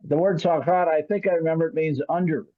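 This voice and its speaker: A man's voice: a little high, fairly even intonation, quick pace, dry recording. Male student on a tinny, dry line. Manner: asks tentative questions.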